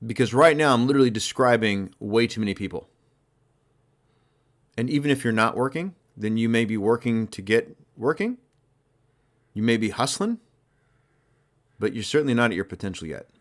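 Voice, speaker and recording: A man hosting a motivational sales podcast, talking in an emphatic, energetic, conversational way. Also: medium pitch, normal speed, long pauses. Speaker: sales coach and podcast host.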